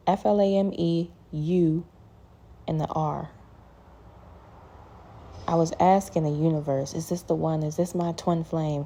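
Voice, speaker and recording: A woman's voice: low-pitched, fairly even intonation, moderate pace, warm tone. A woman giving an earnest personal faith testimony to her viewers, emphatic and repeating her phrases. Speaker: christian content creator.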